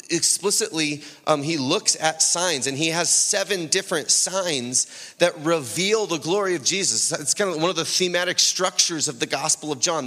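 A man with a slightly higher voice preaching to a congregation, animated and storytelling, slipping into voices for the people in his anecdotes. His words ring out with a long reverb, as in a big church hall. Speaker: pastor. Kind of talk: sermon.

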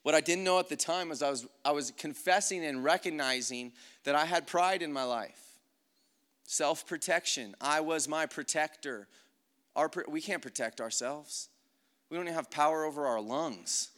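At a moderate pace and in a fairly high, somewhat bright voice, a man tells his faith story. The testimony is conversational and sincere, reflective, strewn with fillers, "like" above all.

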